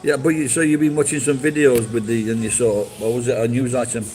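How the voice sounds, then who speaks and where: A man's voice: mid-range voice, steady tone, a little fast, a little mellow, soft background music, rough recording. A man live streaming and chatting with viewers, blunt and profane as he berates them.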